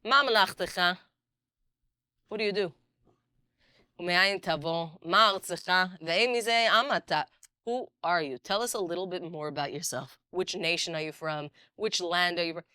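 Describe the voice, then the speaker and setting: A middle-aged woman teaching a Bible class as a rabbanit, acting out the dialogue and reading verses quickly. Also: on the low side, clean tone, dry recording, clean studio sound. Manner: animated storyteller, acts out dialogue, reads Hebrew verses quickly. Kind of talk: lively Torah class with stories.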